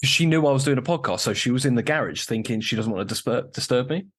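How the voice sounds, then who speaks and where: A man's voice: medium pitch, animated, fast. A man from the UK, a podcast guest, telling stories and giving opinions in a laid-back casual chat. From United Kingdom.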